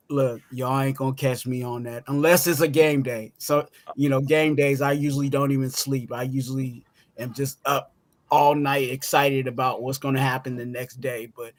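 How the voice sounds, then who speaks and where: A man's voice: mid-range voice, flat delivery, normal speed, a bit bright. A man, a guest on a casual podcast, sleepy from just waking up, stammering and repeating words as he talks. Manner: stammering, repeats words while starting sentences.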